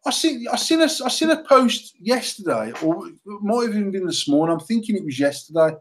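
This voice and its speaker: A man, co-hosting a casual banter podcast, talking in a sweary, excitable way and laughing often. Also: high-pitched, fairly quick, low-quality recording. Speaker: podcast co-host, mod company owner.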